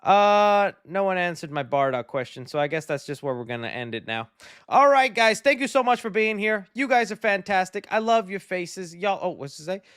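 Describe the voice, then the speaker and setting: A man hosting a casual livestream, chatting in a relaxed, friendly way while answering viewer donations. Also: high-pitched, normal speed, smooth, no room sound, studio quality. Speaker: livestream host.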